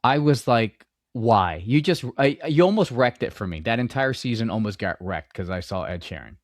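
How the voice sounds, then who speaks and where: Podcast guy, lively bouncy voice, jokey and self-mocking, dry mic. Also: mid-range voice, fairly quick, no echo. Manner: animated, joking, self-mocking. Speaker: podcast co-host. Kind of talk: casual movie podcast chat.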